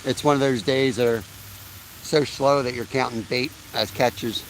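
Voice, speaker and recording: A man's voice: medium pitch, steady tone, moderate pace, a little hiss or hum, low-quality recording. Laid-back man chatting while fishing outdoors. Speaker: fishing livestream host. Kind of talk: casual live-stream chat.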